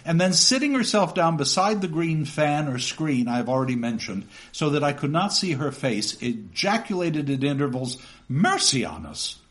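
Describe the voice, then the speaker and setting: A man's voice: on the high side, expressive, normal speed, hardly any pauses, fairly bright tone. A man lecturing on a novel and reading passages aloud, with chatty asides that end in "okay?".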